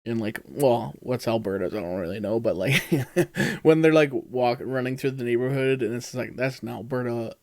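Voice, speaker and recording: A man's voice: medium pitch, normal speed, few pauses, darkish tone, dry recording. Young guy, rambly podcast co-host, dry sound. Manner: rambling, many fillers. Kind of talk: casual chat.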